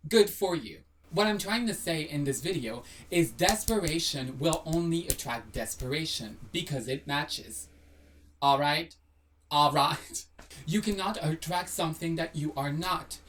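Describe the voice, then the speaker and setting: A blunt, sassy host talking straight to camera in a motivational monologue, firing off rhetorical questions and tossing in a casual swear. The voice sits at a middling pitch. It sounds like it was recorded a little back from the mic. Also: unhurried, a bit bright, distant mic, slight background noise. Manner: swears casually, apologizes jokingly. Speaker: manifestation video host.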